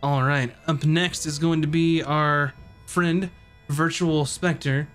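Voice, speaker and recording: A man running a tabletop game as game master, relaxed and filling pauses with ums. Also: on the high side, soft background music. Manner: relaxed, many ums and uhs.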